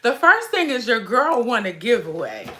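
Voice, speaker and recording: A woman's voice: on the high side, wildly swooping pitch, moderate pace, fairly bright tone. A woman, hosting a casual handbag livestream, chatty and emotional, fighting back tears. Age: 40s. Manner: chatty, addresses viewers as y'all. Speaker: handbag vlog host.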